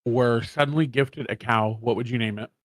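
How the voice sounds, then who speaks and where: A man's voice: mid-range voice, steady tone, moderate pace, dry recording. A man co-casting an esports watch party, rattling off standings and stats with casual asides. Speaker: co-caster.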